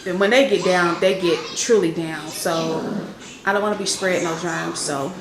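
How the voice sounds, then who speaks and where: In a very noisy recording, a young woman with a lowish voice talks at normal speed to her vlog viewers from her kitchen. The stay-at-home mom is chatty, addresses viewers directly, and says "y'all" a lot, with loud music echoing around the room.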